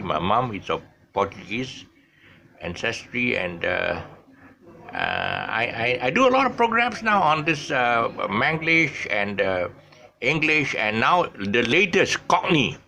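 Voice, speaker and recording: An older man hosts his own online show, chatting casually to camera in a mid-range voice that's gravelly, pushed, and bright. He restarts and corrects himself a lot, chuckling at his own slips, over faint background noise.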